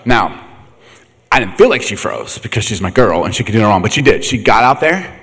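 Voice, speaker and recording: A man's voice: lowish voice, fairly quick, slightly rough. A middle-aged man preaching a sermon, telling funny family stories with lots of laughter and acted-out voices. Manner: animated, laughing, acts out quotes. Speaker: pastor. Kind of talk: humorous sermon storytelling. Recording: echoey hall reverb.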